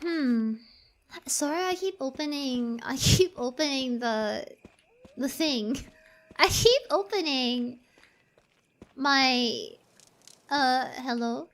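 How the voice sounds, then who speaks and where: A woman's voice: high voice, lively intonation, slow pace, long pauses, a bit bright. A woman with a Filipino accent, chatting casually with viewers while streaming a game, rambling and restarting her phrases as she thinks aloud. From Philippines.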